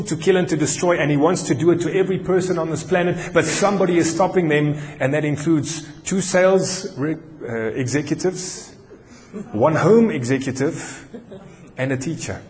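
South African preacher, slow emphatic delivery. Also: male voice, fairly high pitch. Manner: animated storytelling, slows down for emphasis. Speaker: pastor. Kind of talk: sermon with personal story. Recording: long hall reverb.

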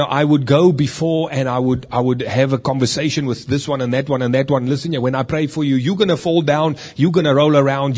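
A man's voice: medium pitch, a little mellow, husky. A man preaching a sermon in a conversational way, with rhetorical questions and stories from his meetings.

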